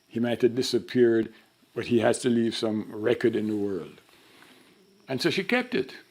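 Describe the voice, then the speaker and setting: A man's voice: medium pitch, moderate pace. An older man telling stories in an interview, acting out the voices of the people in his anecdotes. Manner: animated storyteller who acts out the voices in his anecdotes. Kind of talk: storytelling interview.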